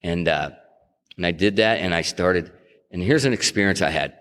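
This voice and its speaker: A man's voice: deep voice, normal speed, fairly bright tone. A middle-aged man from New England telling his personal recovery story at a sobriety meeting, earnest and conversational, often restarting his sentences. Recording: echoey hall reverb.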